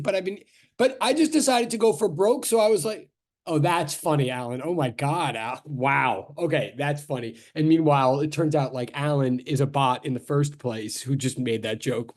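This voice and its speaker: A man with a notably high voice teaches physics to a class. He talks in a loose, chatty way, stopping mid-sentence, restarting and going off on asides before getting back to the lesson. He sounds middle-aged and at ease in front of the room. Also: a little mellow. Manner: chatty, self-interrupting, full of fillers and restarts. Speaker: physics professor. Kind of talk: rambling classroom lecture.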